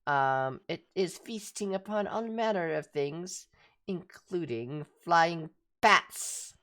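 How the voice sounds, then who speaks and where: A woman's voice: on the low side, lively intonation, takes it slowly, a bit bright. A woman voicing a chatty, hungry male cat who rambles about food and guards his territory. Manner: rambling, easily distracted by food.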